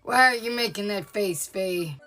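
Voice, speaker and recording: A woman's voice: medium pitch, a little slow, a bit bright, soft background music, close to an everyday voice. A woman voicing a bossy, dramatic mother who nags her kids in a comedy sketch. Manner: nagging, scolding, theatrical.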